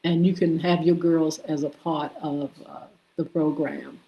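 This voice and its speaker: A woman hosting a live morning stream, slowly reading out and greeting viewers by name, sounding out names as she goes. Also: sits low, steady tone, highs cut off. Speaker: host. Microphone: streaming setup.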